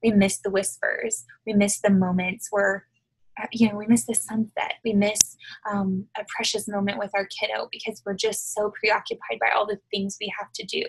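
Brief: woman, husky-breathy, mid-pitched, chatty devotional talk on a home video call. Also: flat delivery, normal speed, rough recording. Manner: conversational, frequent fillers and tag questions. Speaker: devotional speaker. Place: her living room at home.

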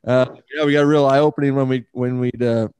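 A man's voice: medium pitch, fairly even intonation, a little fast, a little mellow, clean tone, no room sound. A man hosting a podcast, telling rambling stories in casual chat, swearing freely and laughing often. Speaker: podcast host.

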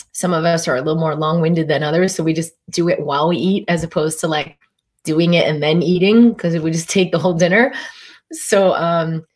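A woman physician hosting a live stream, talking casually with a meandering style full of fillers and restarts. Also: on the low side. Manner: meandering, easygoing talk with frequent fillers and restarts. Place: Durango, Colorado.

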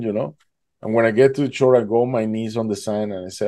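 Guest, male, halting storyteller, mellow warm tone. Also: on the low side. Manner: halting, fills with "like" and "you know". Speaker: guest telling his survival story. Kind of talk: emotional personal storytelling.

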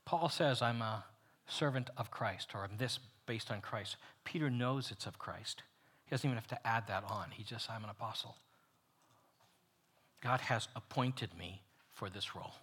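A man leads a men's Bible study in an animated teaching voice. His tone is bright and a little husky. He rises to loud emphasis on key points and sinks almost to a whisper on others. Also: medium pitch, moderate pace.

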